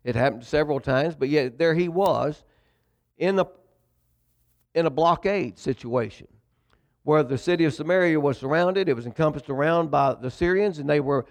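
A man preaches a sermon, slipping into a conversational storyteller's tone with dramatic pauses. His voice sits a little high for a man and has a gravelly edge. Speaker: pastor.

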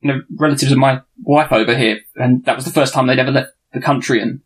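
Husky man chatting on a call. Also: medium pitch, steady tone, quick pace. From England. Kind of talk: casual chat over a video call. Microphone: computer mic on a video call.

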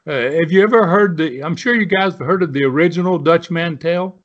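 A retired pro wrestler in his 70s from the Southern United States rambles through stories as a guest in an interview, his slightly high voice moving briskly and packed with fillers. The phone line sounds dull.

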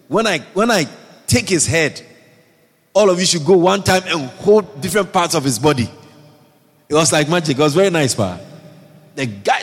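A man preaching a sermon, animated and repetitive, often asking the congregation questions. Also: fairly high pitch, breathy edge. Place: church hall. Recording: long hall reverb.

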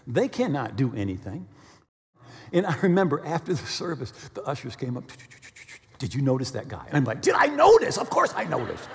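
A male pastor preaching a sermon, telling stories with animated bursts of quick speech. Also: fairly high pitch, in a large hall. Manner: animated storyteller, speeds up when excited.

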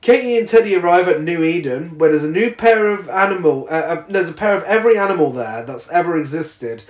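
A man's voice: on the high side, lively intonation, brisk, highs cut off. A man co-hosting a podcast, recapping a film in casual chat, laughing and swearing in disbelief. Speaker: podcast co-host. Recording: echoey room.

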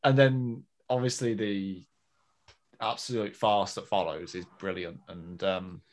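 A man co-hosting a podcast in casual chat, animated, with frequent fillers and restarts. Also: low-pitched, measured pace. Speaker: podcast co-host.

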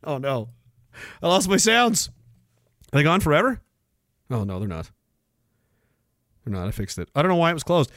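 A man's voice: on the high side, very animated, moderate pace, pauses often, fairly bright tone, no room sound, clean studio sound. A man from Canada hosting a casual, profane livestream, joking crudely, laughing often and reading out chat messages.

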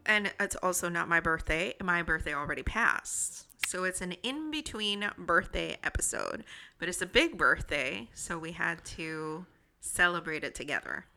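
A woman's voice: on the low side, moderate pace, gravelly, sharp tone. A woman in her forties co-hosting a podcast, chatting casually and teasing her husband in playful banter. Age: 40s. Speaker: podcast co-host. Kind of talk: casual chat.

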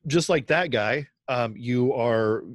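A man's voice: mid-range voice, slow pace, no room sound. A man co-hosting a podcast, telling stories in casual chat full of fillers and acted-out quotes. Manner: rambling, filler-heavy storytelling with acted-out quotes. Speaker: podcast co-host.

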